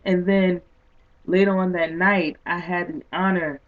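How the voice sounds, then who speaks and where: A woman author telling a story in an interview, excited and animated, acting out what people said. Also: on the low side, measured pace. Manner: excited, animated retelling with quoted speech. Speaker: guest author and poet. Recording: distant, tinny phone-like sound.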